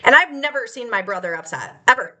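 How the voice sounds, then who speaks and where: A woman's voice: on the high side, expressive, fast, bright, forceful tone. A woman giving a raw, unscripted personal testimony, emotional and candid, rambling with laughs and the odd swear word. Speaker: vlogger sharing her life story.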